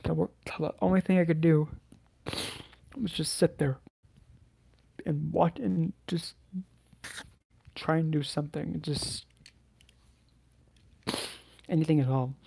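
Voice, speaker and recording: A man telling a personal story to camera in a halting, hesitant way, with many restarts and sighs. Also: on the high side, steady tone, gravelly, mellow, slightly rough. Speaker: channel host.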